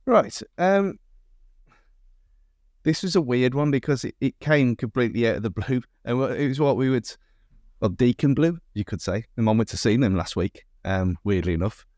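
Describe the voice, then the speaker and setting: A man's voice: mid-range voice, expressive, normal speed, darkish tone. A man from England with a mid-range voice, musing aloud on a podcast and often restarting his sentences. The sound is close and dry, with no room echo. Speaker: podcast co-host. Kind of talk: casual chat.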